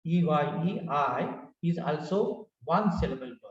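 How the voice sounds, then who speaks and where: A man's voice: fairly high pitch, lively intonation, measured pace. A man with an Indian English accent teaching a pronunciation lesson, repeating each word several times to drill it. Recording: roomy, distant, dull lo-fi sound.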